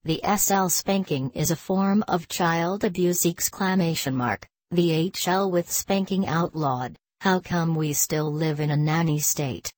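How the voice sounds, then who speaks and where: A woman reading a written text aloud in a deadpan way, speaking the punctuation marks as words. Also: lowish voice, measured pace, few pauses, dry recording.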